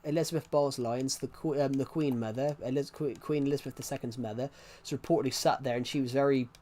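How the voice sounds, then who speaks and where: A man's voice: mid-range voice, steady tone, fast talker, warm tone. A young man chatting casually on a live stream, rambling with many restarts and laughing at his own jokes. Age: young adult.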